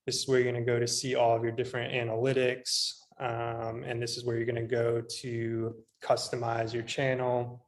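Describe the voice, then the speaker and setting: A young man, a real estate agent, teaching a class in a casual, relaxed way with plenty of ums while walking through a screen demo. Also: mid-range voice, moderate pace, hardly any pauses. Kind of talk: casual instructional talk. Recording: echoey room.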